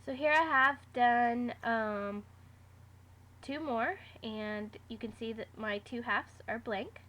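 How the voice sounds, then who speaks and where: A woman's voice: on the high side, takes it slowly, bright, forceful tone. A woman talking casually through a do-it-yourself craft tutorial, giving step-by-step instructions with the odd "um". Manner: chatty, step-by-step instructions with fillers. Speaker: craft vlogger.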